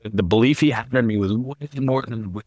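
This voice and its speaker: A man's voice: mid-range voice, normal speed, darkish tone, dry recording. A middle-aged man, a podcast guest, telling his life story candidly and earnestly, often quoting other people as he goes.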